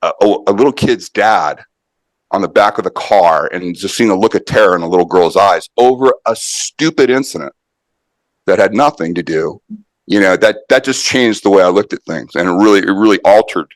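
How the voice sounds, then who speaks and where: Middle-aged man telling a story, lowish voice. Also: fairly quick, no echo. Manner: animated anecdote-telling with many fillers and restarts. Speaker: podcast guest, martial arts author. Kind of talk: conversational storytelling.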